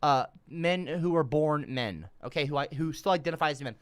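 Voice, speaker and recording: A man doing rambling, sarcastic livestream commentary, cursing often, trailing off mid-sentence and swinging between mumbles and loud outbursts. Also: on the high side, brisk, no room sound.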